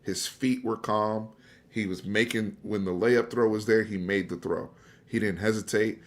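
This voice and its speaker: This sports show host speaks to his live stream viewers directly in an emphatic, conversational debate, restarting words when fired up. His voice is fairly low, with fairly even intonation at a normal speed.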